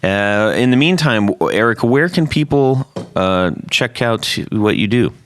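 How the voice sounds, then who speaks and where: A man's voice: mid-range voice, expressive, unhurried, a little hiss or hum. A man hosting a podcast in casual chat, joking around with his co-hosts, on a close studio mic. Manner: jokey, playful banter. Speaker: podcast host. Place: home studio around a dining table.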